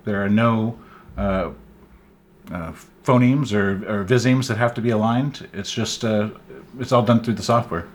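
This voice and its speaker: A man with a somewhat low voice co-hosts a casual tech podcast. He explains things at length, with frequent pauses and restarts. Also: slight background noise. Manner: many fillers and restarts, explaining. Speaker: podcast co-host.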